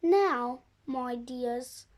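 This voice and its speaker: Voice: sits high, extremely slow, pitched below the performer's own voice. A young reader voicing a mother rabbit giving her bunnies a stern warning.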